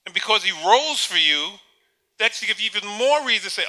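A male preacher in mid-sermon with a high, piercingly bright voice. He keeps asking his listeners rhetorical questions and stumbles over repeated words. He often lets out a short chuckle at his own points. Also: expressive, brisk.

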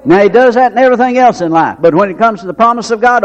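A man's voice: sits high, animated, fast. A man preaching a sermon, folksy and full of rhetorical questions, acting out little scenes with quoted voices. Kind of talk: sermon with acted-out anecdotes. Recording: dull lo-fi sermon recording.

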